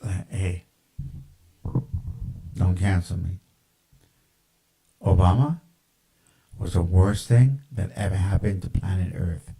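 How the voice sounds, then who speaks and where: A man's voice: deep voice, slow pace, vocal fry, pauses often, warm tone, breathy edge, poor audio. A man ranting in a casual, rambling monologue, with lots of profanity, fillers and tangents.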